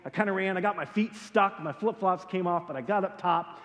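A middle-aged man preaching and telling a story, animated and self-deprecating as he acts out his own panic. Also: sits high, brisk. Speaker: pastor. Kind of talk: sermon storytelling. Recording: hall with long reverb.

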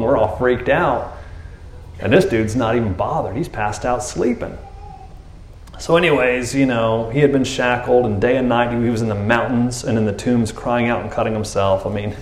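A man's voice: mid-range voice, normal speed, echoey room, a little hiss or hum. A man preaching a casual sermon as pastor, chatting and joking and acting out the people in the story. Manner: conversational, jokey, acts out voices of people in the story.

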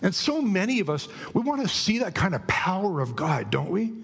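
A middle-aged man preaching a sermon in church, emphatic and animated, often asking the congregation questions. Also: sits high, moderate pace, gravelly, breathy edge.

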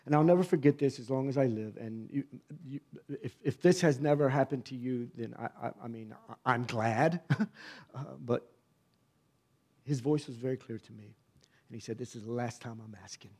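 A middle-aged pastor preaches his personal testimony like a conversational story, sinking to a hush before rising into emphatic bursts. His voice is mid-range and his speed normal.

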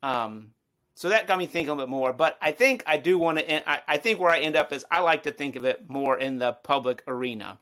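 A man's voice: on the high side, brisk, fairly bright tone. A man taking part in a Bible study discussion, thinking aloud with frequent restarts and hedges as he works through his view. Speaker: study participant.

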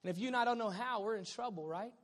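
A man in his thirties preaching a sermon as a pastor, animated and joking, with sudden loud bursts. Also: high voice, fast. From Southern California. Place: church sanctuary. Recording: long hall reverb.

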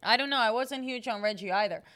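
A young adult woman co-hosting a podcast in easy, casual chat. Her voice sits a little high, and she teases playfully and giggles often. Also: quick pace, fairly bright tone. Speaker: co-host.

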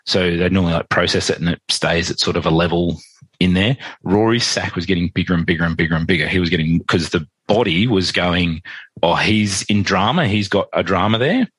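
A low-voiced Australian man with a slightly husky edge recounts a story as a podcast guest. He talks quickly and lively, slipping into the voices of the people he quotes. The recording is close and dry. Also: no echo, low-quality recording. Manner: animated, quick, acts out quoted dialogue. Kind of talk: conversational storytelling.

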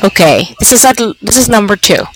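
A woman guest chatting casually, talking through a computer mic that is turned up too loud. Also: medium pitch, very animated, fairly quick, a little hiss or hum, low-quality recording. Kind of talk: casual chat.

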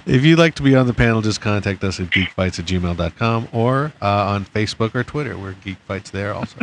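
A man co-hosting a podcast who reads through the announcements in a brisk list. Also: fairly low pitch, lively intonation. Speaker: podcast co-host.

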